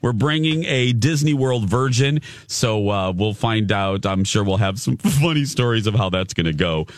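A man's voice: fairly low pitch, normal speed, dry recording, clean studio sound. A man hosting a morning radio talk show, laughing often and telling stories in casual banter. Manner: laughs often, animated storytelling. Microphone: studio microphone.

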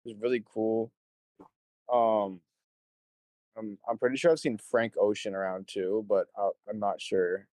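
A man's voice: fairly low pitch, fairly even intonation, measured pace, pauses often, darkish tone, no echo. A young man being interviewed on a casual podcast, rambling through stories, swearing freely and acting out what people said. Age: young adult. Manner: rambling storyteller, swears freely, acts out quotes. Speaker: interview guest, show promoter. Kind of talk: casual conversation.

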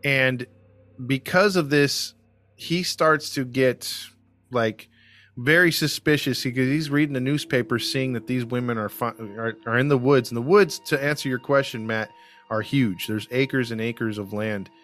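A man's voice: medium pitch, measured pace, fairly bright tone, soft background music. A man casually telling a crime case as podcast host, with many fillers and restarts. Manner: rambling, filler-heavy storytelling. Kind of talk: casual true crime chat.

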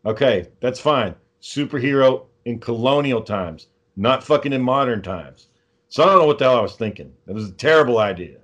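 A man's voice: medium pitch, animated, fast talker, fairly bright tone. A man, telling rambling, profane stories in a casual chat. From Texas. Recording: dull lo-fi sound.

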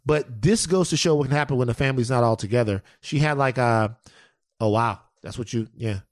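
Male podcast co-host, animated and profane, mid-range voice, dry recording. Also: medium pitch, a little fast, no echo. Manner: animated, profane storytelling with comic riffs. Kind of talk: casual banter.

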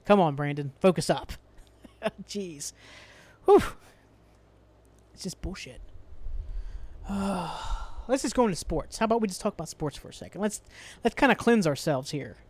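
A man's voice: fairly high pitch, lively intonation, normal speed, long pauses. A young man hosting a solo podcast, ranting angrily and profanely with frequent sighs and restarts. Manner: angry, profane, rambling rant with sighs. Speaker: podcast host.

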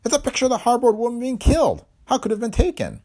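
A man voicing a gruff, skeptical male district attorney who talks bluntly. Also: on the high side, wildly swooping pitch, fast talker, voice pushed up, heavily acted.

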